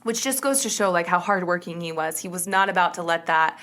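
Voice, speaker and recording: A podcast host tells a true crime story in a chatty, casual way, often correcting herself mid-sentence and peppering her talk with "like" and "kinda." Her voice is on the low side, brisk and fairly bright.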